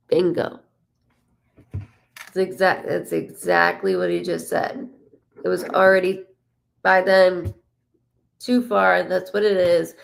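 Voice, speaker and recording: A woman giving a live psychic reading, speaking softly with halting restarts and relaying a spirit's words in the first person. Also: lowish voice, gravelly. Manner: soft, halting, full of restarts. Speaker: psychic medium.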